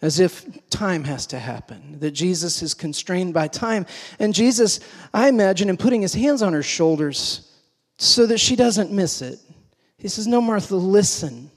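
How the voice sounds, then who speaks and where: A man preaching a sermon, moving between hushed, slow passages and emphatic, raised ones. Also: high-pitched, lively intonation. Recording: long hall reverb.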